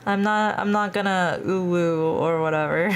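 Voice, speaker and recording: Young woman streamer, mid-pitched, chatty with her chat, laughs a lot, reads game text aloud. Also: slow, slight background noise. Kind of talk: live game stream, reading dialogue aloud.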